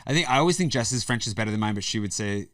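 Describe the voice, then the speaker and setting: A man's voice: lowish voice, expressive, racing, a bit bright, dry recording. An American man hosting a casual podcast chat, rambling and self-deprecating with frequent restarts. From United States. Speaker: podcast host. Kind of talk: casual conversation. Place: garage. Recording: dry, slightly distant mic.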